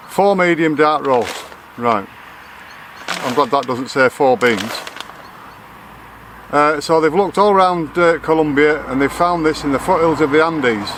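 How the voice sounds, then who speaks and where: A man talks his way through an outdoor vlog in a loose, rambling manner, often restarting his sentences. His voice sits a touch on the high side. A faint hiss of outdoor noise runs behind him. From Lancashire, England. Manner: rambling, chatty, self-correcting. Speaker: vlogger. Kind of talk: casual outdoor vlog chat. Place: outdoors in a garden.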